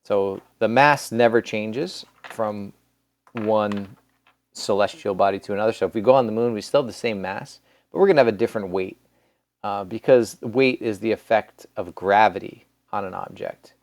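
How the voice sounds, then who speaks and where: A man with a lowish, smooth and resonant voice gives a recorded science lesson. He talks casually and rambles, restarting phrases and filling gaps with ums. The sound is dry and close. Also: moderate pace, dry recording. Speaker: teacher. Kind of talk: recorded classroom lecture.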